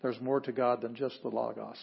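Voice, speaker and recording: A man with a husky, slightly rough voice teaches an introductory Greek class. He explains grammar step by step and pauses to sound out each word. The recording is dull and lo-fi. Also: mid-range voice, flat delivery. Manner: explanatory, stops to sound out words. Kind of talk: classroom lecture. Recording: dull lo-fi audio.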